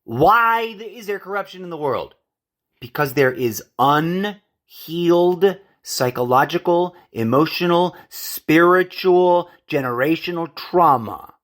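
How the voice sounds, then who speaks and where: His voice sits on the high side, fairly bright, with lively intonation but a slow delivery. As a podcast host speaking alone, he rants, drifts into digressions, stops often to correct himself, and refers to his audience as folks and friends.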